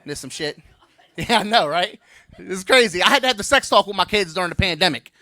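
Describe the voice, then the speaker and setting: Brash stand-up comic, bright voice. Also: male voice, high-pitched, expressive, brisk, dry recording. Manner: brash, playful, crowd-teasing. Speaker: stand-up comedian. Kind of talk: stand-up comedy set. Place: comedy venue stage.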